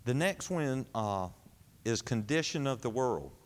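A man preaching a sermon, asking the congregation questions and answering them himself, swinging between high emphatic lines and low quiet ones. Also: lively intonation, a little slow. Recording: long hall reverb.

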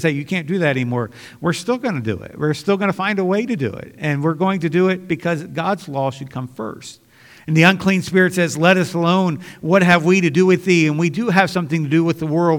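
Man preaching a sermon, earnest, conversational, restarts often, higher voice, long hall reverb. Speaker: pastor.

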